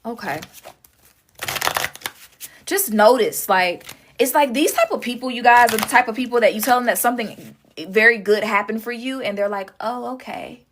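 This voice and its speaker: A woman's voice: a little high, normal speed, pauses often, fairly bright tone, a little hiss or hum. A woman doing a casual tarot reading, talking straight to her viewers with emphatic repetition. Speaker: tarot reader.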